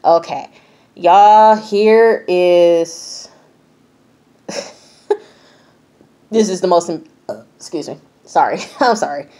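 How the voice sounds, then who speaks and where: A woman's voice: lowish voice, expressive, a little slow, pauses often, a little mellow. A woman giving a casual, profanity-laced vlog recap of a TV episode, blunt and chatty. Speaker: TV reviewer.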